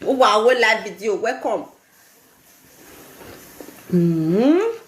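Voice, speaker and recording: A Nigerian woman streaming a live vlog, talking in an animated, scolding way and laughing often. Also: mid-range voice, very slow, roomy sound. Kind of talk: casual live-stream commentary.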